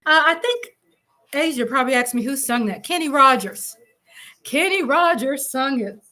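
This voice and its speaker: A woman's voice: sits high, expressive, normal speed, pushed and bright. A woman hosting a casual livestream, chatting playfully and breaking into snatches of song. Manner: playful, sings snatches of songs. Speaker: livestream host.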